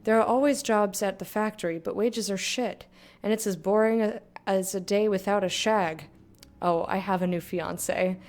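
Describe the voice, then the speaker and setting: A woman's voice: medium pitch, steady tone, moderate pace, darkish tone, close to an everyday voice. A woman reading a letter aloud in a put-on British accent as a blunt, chatty young working-class woman writing to her sister. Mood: gossipy.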